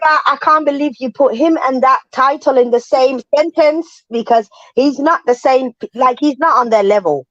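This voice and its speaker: A woman's voice: high voice, moderate pace, few pauses, fairly bright tone, dry recording, dull audio. A woman co-hosting a reality show review, chatting casually and emphatically, repeating phrases for effect. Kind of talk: casual gossip chat.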